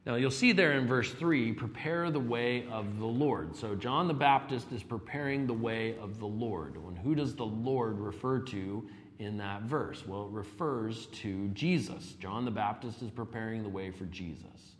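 Slow, low-voiced male Bible teacher. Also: fairly bright tone, big-room sound. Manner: measured explanatory teaching, occasional fillers. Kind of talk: recorded Bible lesson.

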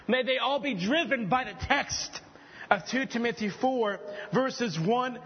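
A man preaches from a pulpit in a church hall to students of preaching, using emphatic, repetitive, heralding phrasing. His very high-pitched voice is unhurried with a breathy edge. The recording is reverberant, dull and lo-fi.

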